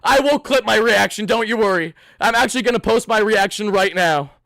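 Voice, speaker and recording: Young NY male streamer, high and bright, worked up, shouts a lot, close dry mic. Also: a little fast, gravelly, no room sound. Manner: hyped, loud, shouting and thanking donors. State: sweaty and worked up. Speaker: host of a fan live stream. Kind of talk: excited postgame livestream chat.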